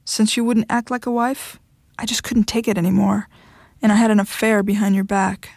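A woman's voice: mid-range voice, little pitch movement, moderate pace, creaky, a little mellow, no room sound, studio quality. A woman reading the lines of a heartbroken husband who pleads through tears, his voice cracking. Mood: confessing. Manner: crying, voice cracking.

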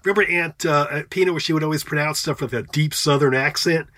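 A man's voice: on the high side, quick pace, pushed and bright. A man co-hosting a casual chat, telling stories in a rambling, self-correcting way. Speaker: podcast co-host.

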